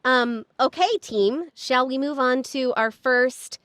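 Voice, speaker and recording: A woman's voice: high-pitched, slow, fairly bright tone, no room sound, clean studio sound. A woman hosting a podcast in casual chat, upbeat and encouraging, with lots of fillers. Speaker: podcast host.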